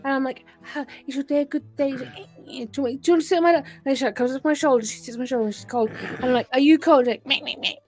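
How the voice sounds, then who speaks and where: A woman's voice: sits high, racing, few pauses, darkish tone, soft background music. A woman chatting casually while reacting to memes, giggly and prone to rambling pet stories. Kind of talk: casual chat.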